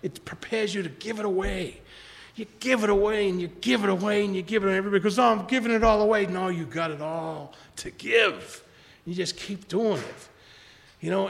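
A man's voice: sits high, gravelly, long reverb tail. An older man speaking at a recovery retreat, rambling and repeating himself, acting out quotes from others.

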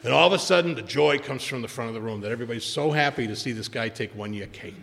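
An older man telling his own story at a recovery meeting, emotional and animated, acting out what people said. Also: medium pitch, quick pace, creaky, big-room sound. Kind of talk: personal storytelling talk.

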